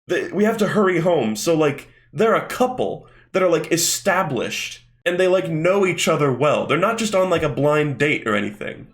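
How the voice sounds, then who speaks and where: A young man with a voice on the high side, very animated at normal speed with few pauses, hosts a casual commentary while skimming a manga. He swears a lot and rambles, packing in fillers.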